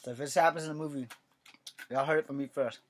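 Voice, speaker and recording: A man's voice: on the high side, steady tone, fast talker, background noise. A man hosting a casual vlog who chattily retells the chapter he is writing, rambling and swearing freely. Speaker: writer and channel host.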